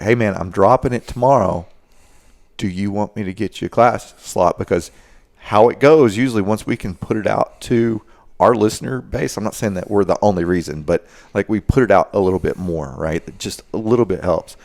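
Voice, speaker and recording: An American man hosts a podcast with a very deep, gravelly voice. He talks in a relaxed, chatty way with a guest. His words come easily and casually. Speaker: podcast host. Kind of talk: casual chat.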